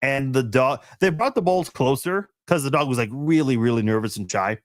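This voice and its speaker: At a normal speed and with no echo, a man with a mid-range voice hosts a relaxed live stream, reading viewer comments aloud. He rambles, laughs frequently and uses lots of fillers and restarts.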